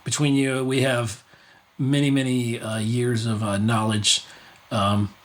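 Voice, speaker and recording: Man, podcast host, casual chat, rambling, lots of restarts, mid-pitched voice. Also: flat delivery, slow. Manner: rambling, with many restarts and fillers.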